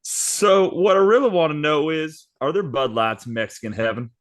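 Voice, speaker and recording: A man's voice: fairly high pitch, lively intonation, moderate pace, fairly bright tone, voice pushed up. A man putting on a dim, crude redneck guy. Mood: goofy.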